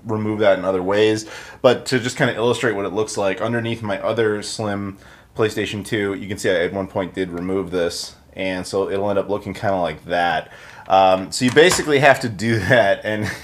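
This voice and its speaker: A man hosting a casual how-to video, talking in a chatty, informal way with lots of asides. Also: lowish voice. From United States. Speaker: YouTube host.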